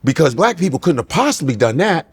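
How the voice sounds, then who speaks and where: A man co-hosting a comedy podcast, talking casually and breaking into quick impressions of other people. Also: a little high, sing-song, vocal fry, slightly rough, in a large hall. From United States.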